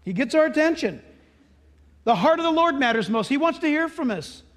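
High, lively-voiced male preacher. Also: a little fast. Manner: animated storytelling, acts out voices and laughs. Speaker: pastor. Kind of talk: sermon.

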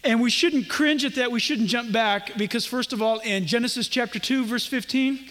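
High-voiced folksy preacher man. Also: moderate pace, a bit bright, in a large hall. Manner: folksy, jokey asides, acts out little dialogues. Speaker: pastor. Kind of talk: sermon.

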